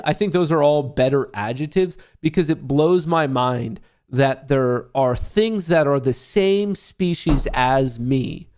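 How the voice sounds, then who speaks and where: A man's voice: a little high, darkish tone. A young man hosting a livestream, ranting in a profane, mocking and combative way. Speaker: livestream host. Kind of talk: casual livestream rant.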